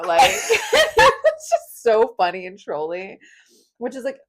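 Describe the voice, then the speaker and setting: A woman's voice: mid-range voice, huge pitch swings, unhurried, long pauses. A woman in her twenties co-hosting a podcast, gossiping in casual chat with lots of "like" fillers and frequent laughter. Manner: chatty, gossipy, laughs often, many "like" fillers. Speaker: podcast co-host.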